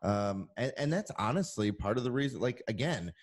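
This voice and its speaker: A man co-hosting a podcast in a joking, easygoing way, with plenty of swearing and filler words. His pitch is average, but it swings widely as he talks. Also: expressive, moderate pace. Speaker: podcast co-host. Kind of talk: casual podcast chat.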